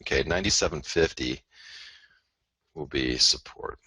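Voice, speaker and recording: A man putting on the voice of a smooth male TV market pundit, with brisk newsreader-style delivery. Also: rumbling low, bright, forceful tone, no echo, exaggerated voice. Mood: mock-pundit.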